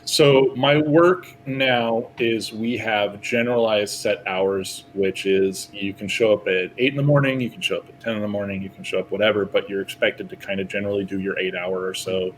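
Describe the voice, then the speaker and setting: Low-voiced man chatting casually. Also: fairly even intonation, moderate pace, few pauses, a little hiss or hum, rough recording. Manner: candid, rambling, laughs often. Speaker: guest artist. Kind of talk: casual podcast chat.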